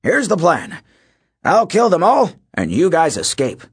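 A man voicing a gruff, reckless satyr coach who speaks loud and brash. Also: on the high side, huge pitch swings, measured pace, pitched above the performer's own voice, full character voice.

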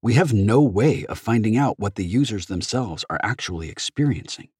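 A man's voice: fairly low pitch, lively intonation, normal speed, darkish tone, husky, dry recording, clean studio sound, pitched above the performer's own voice. A man voicing an anxious, earnest male executive in an audiobook with a shaky, hesitant delivery. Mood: grim.

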